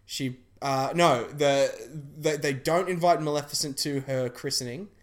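A man's voice: fairly high pitch, a little slow. A man chatting casually about film trailers, rambling with lots of fillers and restarts.

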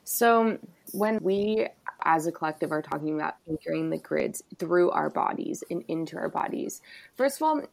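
Podcast host, woman, low and creaky, asks curious follow-ups. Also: expressive, moderate pace. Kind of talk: conversational podcast interview.

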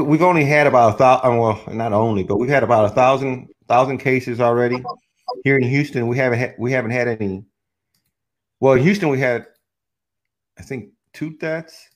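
Relaxed man hosting a casual podcast. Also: mid-range voice. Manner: relaxed, profane, talks in restarts. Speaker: podcast host. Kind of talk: casual chat.

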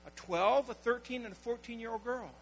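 A man's voice: very high voice, brisk, vocal fry, husky, low-quality recording. A man preaching a sermon as pastor, telling stories and acting out the people in them. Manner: storytelling preacher, acting out quoted voices.

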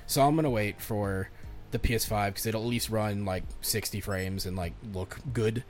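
Casting: young male podcast co-host, animated and foul-mouthed, rambling game chat. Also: lowish voice, moderate pace, soft background music. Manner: animated, swears a lot, rambling with restarts. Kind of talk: casual chat about games and movies.

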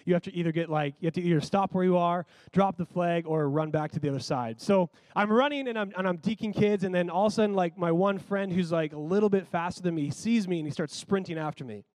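A man preaching a sermon, telling a childhood story in an animated, conversational way with lots of "like.". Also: high-pitched, quick pace, hardly any pauses, no echo.

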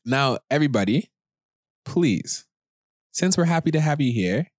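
A man co-hosting a casual podcast, joking and bragging in a laid-back way. His voice sits at an ordinary pitch. The sound is close and dry. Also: expressive, measured pace, no echo. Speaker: podcast co-host. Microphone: studio microphone.

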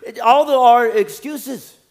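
A man's voice: very high-pitched, a little slow, a little mellow. A man preaching a sermon as a pastor, telling stories with laughter and acting out other people's voices.

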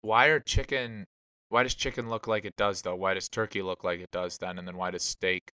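A man's voice: deep voice, level tone, brisk, pushed and bright, clear, resonant tone, no room sound, clean studio sound. A young man in casual podcast chat, musing and self-deprecating.

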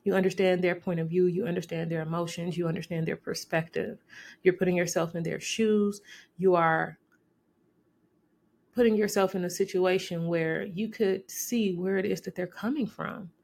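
A woman hosting a podcast and giving relationship advice in a casual, lively, emphatic way, with pointed repetition and sudden rises in pitch. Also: normal speed, vocal fry.

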